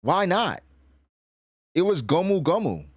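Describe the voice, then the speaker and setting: A man's voice: high-pitched, very animated, measured pace, no echo, studio quality. A man streaming a casual reaction, reading chat aloud and ranting in slangy, exasperated bursts.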